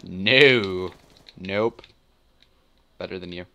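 Young male gaming host, lowish voice, mutters and curses through live play commentary. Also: moderate pace, fairly bright tone. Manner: muttering, swearing, self-deprecating grumbling.

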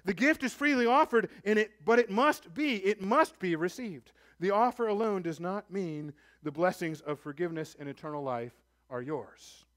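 Male pastor, sermon, high voice, earnest, emphatic then hushed, church. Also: normal speed, hardly any pauses. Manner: earnest, rises to emphatic then drops low and soft.

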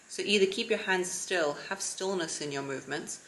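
A young woman giving calm, deliberate advice to camera as a lifestyle vlogger. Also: lowish voice, low-quality recording.

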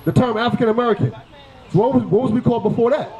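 A man preaching on a city street, forceful and confrontational, firing rhetorical questions at passersby. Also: very high voice, rapid-fire, echoey room, dull audio. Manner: forceful, fires rhetorical questions, repeats "right?".

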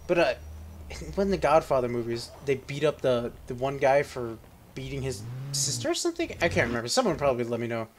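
A man's voice: mid-range voice, big pitch swings, fairly quick, a little hiss or hum. A man casually commenting over his gameplay, crude and joking. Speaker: let's play host.

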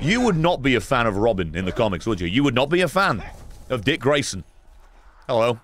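A man streaming a video game, reacting loudly and swearing as he plays. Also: medium pitch, brisk. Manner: excitable, shouty, swearing. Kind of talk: gameplay commentary.

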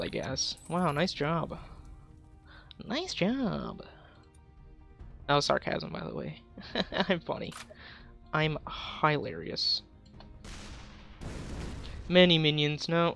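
Young male streamer, gravelly fry, slow goofy trash talk, faint game music under him. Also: a little high, fairly bright tone. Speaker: gaming livestreamer. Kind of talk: casual gameplay commentary.

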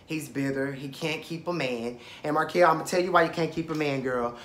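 A man's voice: on the high side, fairly quick, fairly bright tone, roomy sound. A man with an East Texas accent hosting a casual reality-show review, sassy and profane, talking straight to the people on the show. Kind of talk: casual commentary.

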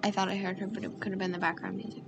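A woman's voice: medium pitch, level tone, racing, vocal fry, very noisy. A young woman co-streaming a horror game, chatting playfully and laughing at herself. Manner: giggly and playful. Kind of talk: casual gameplay chat.

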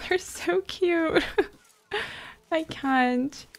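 A woman hosting a gaming video, reacting to the game in excitable, giggly casual commentary. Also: extremely high pitch, extremely slow. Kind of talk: casual let's-play commentary.

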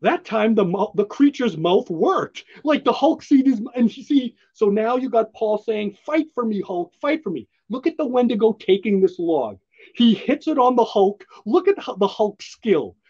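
Husky high-voiced man gushing about comics. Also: animated, normal speed, warm tone, lo-fi sound. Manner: enthusiastic, rambling, laughs often. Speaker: podcast co-host presenting a comic. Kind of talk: casual comic book chat.

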